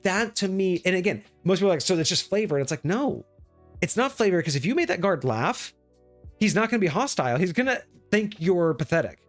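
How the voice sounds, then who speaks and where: Male host, slightly higher voice, lively casual chat that keeps slipping into mini impressions, faint music bed. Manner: animated, acts out quick snippets of players and guards. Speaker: host of a tabletop gaming live stream. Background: faint background music.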